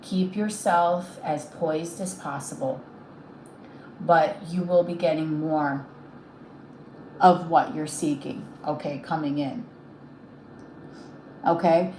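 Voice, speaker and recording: A woman's voice: sits low, steady tone, takes it slowly, pauses often, darkish tone, echoey room, slight background noise, low-quality recording. Soothing woman giving a tarot reading. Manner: soothing, reassuring, repeats "okay?". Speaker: tarot reader.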